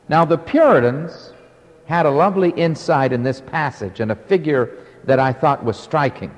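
A man's voice: fairly high pitch, normal speed, big-room sound. A middle-aged man preaching a sermon with an emphatic, rising and falling cadence.

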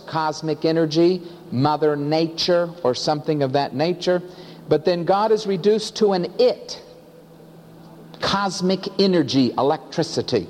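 A man's voice: on the high side, a little mellow. A man preaching a sermon, telling a story with acted-out dialogue and pressing rhetorical questions. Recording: long hall reverb.

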